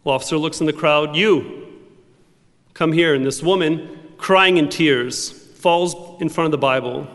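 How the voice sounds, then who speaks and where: A man's voice: on the high side, moderate pace, fairly bright tone, big-room sound. A man preaching a sermon in an emphatic, repetitive cadence. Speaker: pastor.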